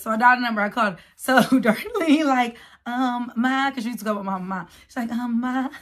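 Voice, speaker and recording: A woman, telling a casual story while getting ready, lively and acting out other people's voices. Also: a little high. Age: late 20s. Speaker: vlogger.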